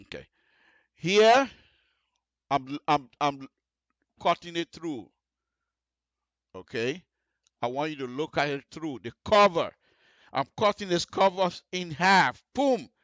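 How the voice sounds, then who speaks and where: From a radio studio, a man walks listeners through road construction and design in a technical on-air lesson, often pausing to ask "you see the difference?" His voice is a little high, expressive and a bit bright, delivered slowly with many pauses, on a dry, lo-fi recording.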